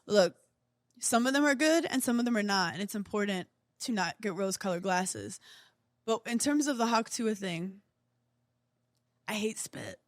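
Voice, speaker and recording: A woman's voice: medium pitch, very animated, moderate pace, pauses often, dry recording, studio quality. A woman in her thirties with a New York accent, a comedian guest joking and teasing in a casual podcast chat. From New York area.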